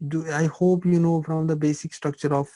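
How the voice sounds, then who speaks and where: Dry-voiced lecturing man, flat and mellow. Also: on the high side, normal speed, no room sound, poor audio. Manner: repetitive, asks rhetorical questions, teasing. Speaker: pharmacology lecturer. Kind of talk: live online lecture.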